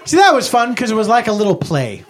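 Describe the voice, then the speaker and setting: A man's voice: high-pitched, wildly swooping pitch, fast, noisy background. A male stand-up comedian telling a story in a sarcastic, mock-solemn way. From Irish descent.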